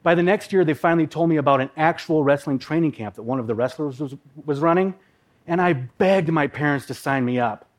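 A man's voice: on the high side, a little fast. A man from Minnesota telling a personal story in a vivid, dramatic way with playful asides. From Minnesota, USA.

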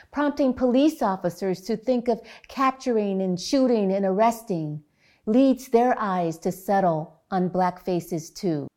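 A woman psychologist giving a public talk, telling a story and explaining research in a measured, deliberate way. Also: mid-range voice, mellow.

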